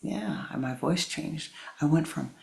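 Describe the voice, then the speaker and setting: Slow, gravelly woman spiritual teacher. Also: deep voice. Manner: storytelling, acting out voices, deliberate. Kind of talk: sermon.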